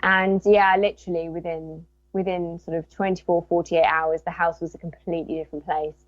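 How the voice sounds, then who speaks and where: A woman's voice: on the low side, a little fast, dry recording, lo-fi sound. A woman, a guest and author, telling a personal story in casual talk and acting out what people said. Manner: animated retelling with quoted dialogue.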